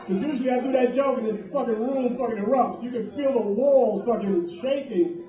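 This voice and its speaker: A high-pitched man works a comedy club crowd, swearing freely and riffing with the audience. He's caught from a distance, and the room rings with echo. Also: fairly quick, highs cut off. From Puerto Rico heritage, New York. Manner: profane, animated, talks to the crowd. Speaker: stand-up comedian. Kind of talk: stand-up comedy set. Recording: echoey club from far off.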